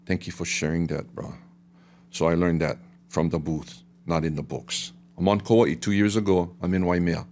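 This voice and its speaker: A middle-aged man from Hawaii with a Hawaiian Pidgin accent, telling a story on a podcast in an animated way and dropping to a hush for the dramatic parts. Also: deep voice, normal speed. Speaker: guest artist and historian. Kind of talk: storytelling in casual podcast talk.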